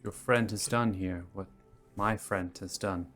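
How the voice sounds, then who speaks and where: A man voicing a calm, reassuring guide in a tabletop game, measured and solemn, close to his own low voice. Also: soft background music.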